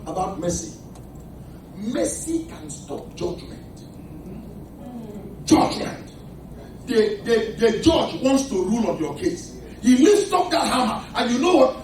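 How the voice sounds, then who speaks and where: A man with a Nigerian accent preaching a sermon, animated, shouting and laughing, calling to his congregation for answers. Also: very high-pitched, measured pace, pauses often, a little hiss or hum. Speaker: pastor. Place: church. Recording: echoey church hall, mic at a distance, congregation audible. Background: responding congregation.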